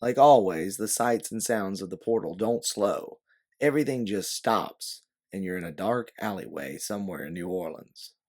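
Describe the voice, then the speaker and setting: A man narrating an audiobook in second person with a steady, descriptive delivery. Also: deep voice, moderate pace.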